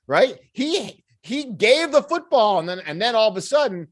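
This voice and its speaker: A man co-hosting a podcast in casual chat, an animated storyteller who laughs often and acts out little scenes. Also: high voice, normal speed, slight background noise. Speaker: podcast co-host.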